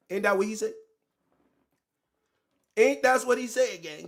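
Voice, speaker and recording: Animated, gravelly male reaction host. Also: sits high, slow pace, pauses often. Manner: loud, mocking, street slang, riffs and repeats. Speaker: commentary show host. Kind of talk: profane reaction commentary on a played clip.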